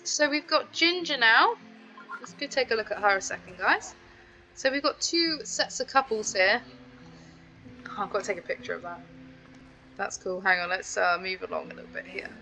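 Bright, chatty woman gaming host. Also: a little high, poor audio. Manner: chatty, talks straight to viewers. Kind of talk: casual gameplay commentary.

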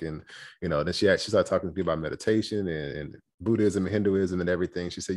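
A man, a happiness coach, chatting as an interview guest, animated and quick to laugh. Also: low-pitched. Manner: animated, laughs often, acts out quotes. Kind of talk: casual storytelling chat.

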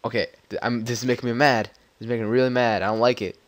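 Speaking very fast in a medium-pitched voice with little pitch movement, a young gameplay commentator narrates a space game tutorial. His commentary is casual and rambling, jokey, and he gets flustered easily as he plays.

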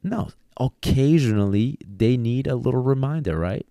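A man's voice: low-pitched, a little slow, dark tone, no echo, clean studio sound. A man teaching dog training on a podcast. He speaks casually, repeats words as he goes, and acts out bits of dialogue. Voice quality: talks in a casual, repetitive way and acts out quoted dialogue. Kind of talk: solo podcast lesson.

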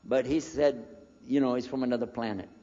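Brisk and with vocal fry in a mid-range voice, this American man in his sixties, a preacher giving a lecture, recounts a personal story and acts out the recalled dialogue with animation. The recording is dull and lo-fi, in an echoing hall.

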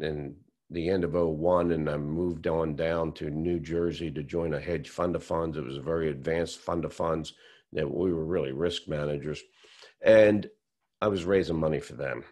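Gravelly low-voiced man telling a story. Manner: animated storyteller, acts out quoted dialogue. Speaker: whistleblower telling his story. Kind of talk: storytelling interview.

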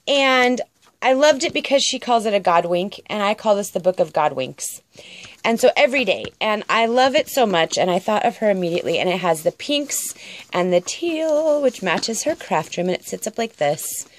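A middle-aged woman hosting a casual crafting vlog, gushing and excitable as she shows off cards and mail. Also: medium pitch. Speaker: crafting channel host. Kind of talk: casual show-and-tell vlog.

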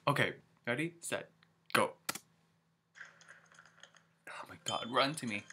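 Young male reaction vlogger, excitable and gushing, with a very lively, swooping voice. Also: fairly low pitch, takes it slowly, long pauses, slight background noise. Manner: gushing, excitable, exclaims often.

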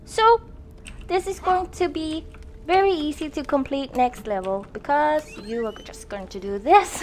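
A woman's voice: high-pitched, animated, a little slow, darkish tone, slight background noise. A young woman casually commenting on a horror video game she is playing, chatty and self-mocking, laughing often. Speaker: gaming channel host. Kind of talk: casual let's-play commentary.

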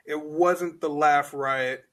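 A man's voice: a little high, fairly even intonation, slow pace, a bit bright, slight background noise. A man co-hosting a casual podcast chat, blunt and profane, rambling with fillers as he defends his ratings. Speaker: podcast co-host.

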